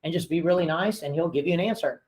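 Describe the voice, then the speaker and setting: A man's voice: a little high, quick pace, darkish tone, poor audio. A man, a real estate broker and owner, leading a casual training session for his agents and telling frank stories from work. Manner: storytelling, acting out phone calls with voices; frank, chatty, with many fillers.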